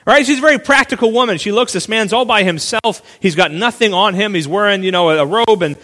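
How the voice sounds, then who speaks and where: A male pastor preaching a sermon in a relaxed, conversational way, full of asides and quick restarts. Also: high-pitched, big-room sound.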